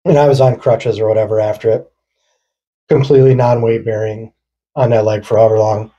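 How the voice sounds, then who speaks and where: Man, husky, mellow, casual swearing storyteller. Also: fairly low pitch, level tone, brisk, dull audio. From rural Wisconsin. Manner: loose, profane, laughing through his story. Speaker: podcast co-host. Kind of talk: casual storytelling among friends.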